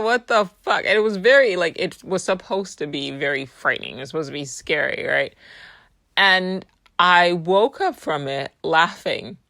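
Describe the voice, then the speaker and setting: A woman's voice: low-pitched, bright, forceful tone, no echo, clean studio sound. A woman talking casually in a rambling personal monologue. She laughs easily and swears freely. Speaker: vlogger.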